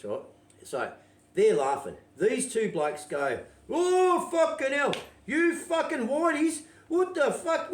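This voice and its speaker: A man telling a rambling, swear-laden story in casual anecdotal style, checking in with "right?" constantly. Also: mid-range voice. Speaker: show host telling a story. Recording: roomy echoey sound.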